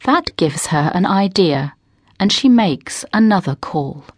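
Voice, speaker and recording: A woman narrates a learner's story in a slow, clear, expressive reading. Her pitch sits on the low side but swings lively through each sentence. The recording is close and dry. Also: dry recording. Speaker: audiobook narrator. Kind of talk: scripted narration for language learners.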